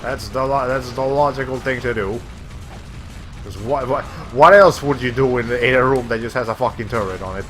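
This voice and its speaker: A man's voice: mid-range voice, normal speed, fairly bright tone, soft background music. A man streaming a video game, losing his voice as he rambles and thinks aloud while playing, with casual swearing. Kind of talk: casual let's-play commentary.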